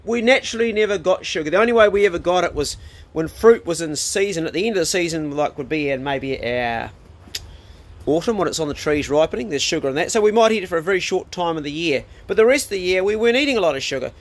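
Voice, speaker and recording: Aussie guy ranting blunt to camera, swears a lot, voice a bit high. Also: expressive, fast talker. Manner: blunt, emphatic, swears freely. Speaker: vlogger. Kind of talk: casual opinionated talk to camera. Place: outdoors in a garden, then indoors.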